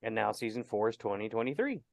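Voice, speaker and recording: A man's voice: on the low side, very animated, quick pace, gravelly, no echo. A man co-hosting a podcast, chatting casually, teasing his co-host and rambling through his points with lots of fillers. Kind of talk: casual chat.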